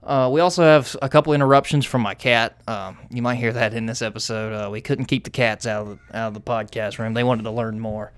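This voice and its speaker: A man's voice: medium pitch, steady tone, brisk, hardly any pauses, smooth. A man with a Southern American accent hosting a podcast, talking loosely with lots of fillers. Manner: rambling with many fillers. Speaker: podcast host. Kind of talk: casual podcast chat.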